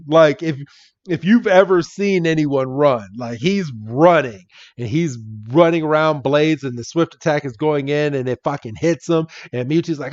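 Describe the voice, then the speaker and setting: A man co-hosting a casual podcast chat, excitable and acting out characters' lines in playful voices. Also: on the high side, moderate pace, no echo. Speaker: podcast co-host. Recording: dull lo-fi, dry.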